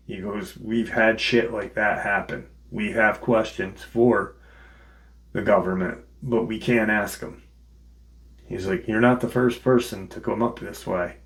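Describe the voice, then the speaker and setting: A man hosting a paranormal channel, casually retelling a listener's encounter and quoting the dialogue as he goes. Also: fairly low pitch. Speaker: paranormal story channel host.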